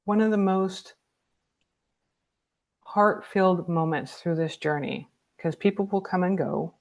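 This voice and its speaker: A woman's voice: lowish voice, a little slow, darkish tone. A woman speaking as a podcast guest in a candid conversation, blunt and outspoken, swearing freely and laughing easily.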